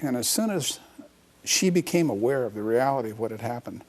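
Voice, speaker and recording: This is a middle-aged man speaking in an interview. His voice sits at an ordinary, middle pitch. He recounts a personal story in an earnest, reflective way. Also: expressive, a little fast, darkish tone. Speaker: interview guest, author.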